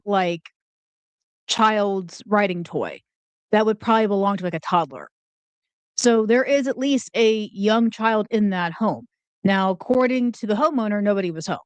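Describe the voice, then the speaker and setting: A woman's voice: medium pitch, smooth, no room sound. A woman giving chatty, casual true crime commentary and thinking aloud as she goes. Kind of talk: casual commentary over clips.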